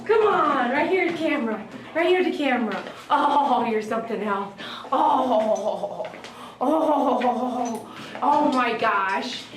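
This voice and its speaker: A dog groomer who hosts her own channel live-streams herself at work in a salon, praising the dog in cooing baby talk. She speaks slowly in a high voice with lively intonation. The room echoes, the mic is set back from her, and slight background noise can be heard.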